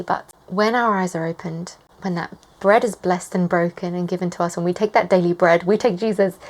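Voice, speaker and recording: A woman's voice: mid-range voice, low-quality recording. A woman, a Bible study vlogger, reading scripture and adding enthusiastic, gushing commentary. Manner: enthusiastic and gushing, laughs often.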